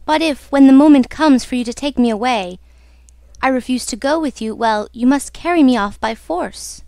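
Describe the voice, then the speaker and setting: A woman's voice: high voice, moderate pace, warm tone, no room sound. A woman reading the part of a frightened, haunted young woman singer, in a pleading, trembling way.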